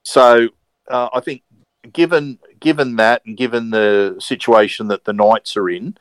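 A man's voice: mid-range voice, steady tone, unhurried, clean tone, dry recording, rough recording. A man co-hosting a sports podcast, talking hesitantly and picking his words carefully. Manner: hesitant, many fillers and restarts, careful wording. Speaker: podcast co-host. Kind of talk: casual sports podcast chat.

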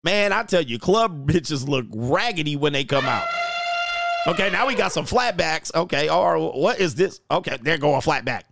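A man doing casual reaction commentary as a YouTube commentator, slangy and prone to loud exclamations. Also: a little high, lively intonation, normal speed, creaky, no echo.

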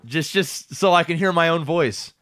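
A man co-hosting a gaming podcast, talking casually, with profane, excitable banter. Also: on the high side, normal speed, no echo, clean studio sound. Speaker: podcast co-host. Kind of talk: casual chat.

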